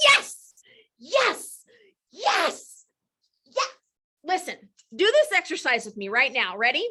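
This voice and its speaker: A woman in her thirties or forties, hosting a live coaching session with energetic, motivational enthusiasm. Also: on the high side. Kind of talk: live-streamed coaching talk.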